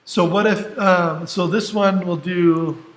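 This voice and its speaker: A man's voice: high-pitched, steady tone, takes it slowly. A male teacher giving a casual classroom lecture, explaining step by step and often checking in with "right?". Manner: casual, self-deprecating asides. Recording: echoey room, faint background noise.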